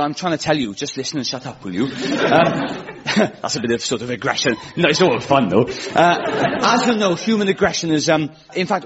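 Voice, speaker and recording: Welsh male comic host, twenties, self-mocking rambler, slightly high voice, lo-fi studio with a laughing crowd. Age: 20s. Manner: self-deprecating, rambling, quick asides. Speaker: comedy show host. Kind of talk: stand-up monologue on radio. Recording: lo-fi radio studio with audience laughter. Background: studio audience laughing.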